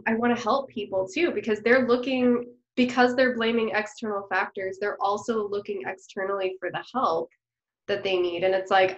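A podcast host who also teaches music chats enthusiastically with her guest in an interview. Her voice is medium-pitched with fairly even intonation and a moderate pace, and the audio sounds roomy and dull.

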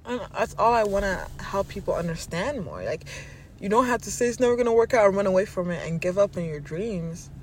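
A man's voice: high-pitched, a little hiss or hum. Self-assured man preaching a positive mindset. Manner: animated, self-assured, preachy, quick bursts. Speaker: self-help speaker. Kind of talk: casual motivational monologue.

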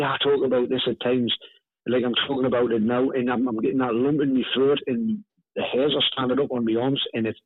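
A man, a guest author telling a ghost story in an animated way, often repeating words. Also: medium pitch, husky, no room sound. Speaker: author and paranormal investigator, guest. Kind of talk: conversational storytelling. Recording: tinny phone-line call audio.

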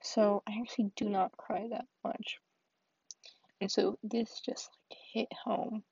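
A woman's voice: medium pitch, steady tone, measured pace, vocal fry, darkish tone, slightly rough, no echo, muffled recording. A young woman venting in a solo vlog, rambling with lots of fillers and often dropping to a whisper. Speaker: vlogger. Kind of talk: solo confessional vent.

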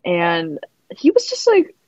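A woman's voice: lowish voice, wildly swooping pitch, slow pace, darkish tone, no room sound. A young woman co-hosting a podcast, telling a story in casual chat, laughing often and filling with "like". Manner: giggly storytelling, lots of "like". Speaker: podcast co-host. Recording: slightly dull lo-fi audio.

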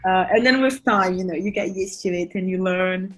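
A young Brazilian woman chats casually as a podcast guest and laughs often. Her Brazilian Portuguese accent leans toward British English, and her voice is on the low side yet fairly bright, at a normal speed.

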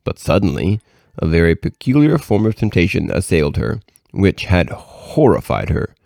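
A man reading aloud from a devotional book in a measured, earnest way. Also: sits low, big pitch swings, gravelly, a little mellow, no room sound, clean studio sound. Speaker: reader.

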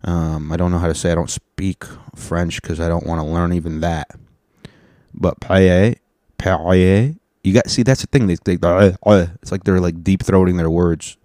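A comedian talking casually to camera, rambling and joking with plenty of swearing. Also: male voice, sits low, steady tone, moderate pace, warm tone, no echo, studio quality. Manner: profane, rambling, jokey.

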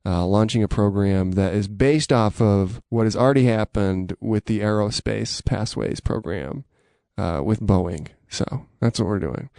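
A man's voice: fairly low pitch, unhurried, mellow, no echo, studio quality. A man hosting a casual podcast chat, rambling with fillers and restarts, sounding sick with a scratchy voice and a cough. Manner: rambling, self-mocking, many fillers and restarts. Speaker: podcast host.

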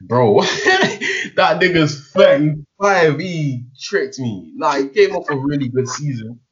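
A man's voice: a little high, very animated, slow pace, fairly bright tone. A young man, chatting casually about football, analytical but slangy. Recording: dull lo-fi audio.

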